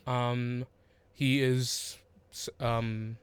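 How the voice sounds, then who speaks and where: A man's voice: medium pitch, little pitch movement, extremely slow, slight background noise. A man narrating a tabletop game as game master, hesitant, with lots of ums and restarts.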